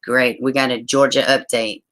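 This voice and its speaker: A woman's voice: a bass voice, flat delivery, normal speed, a bit bright, slight background noise. A woman hosting a casual livestream, chatting with viewers and reading their comments aloud. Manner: chatty, reads out viewer comments, uses y'all. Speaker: livestream host.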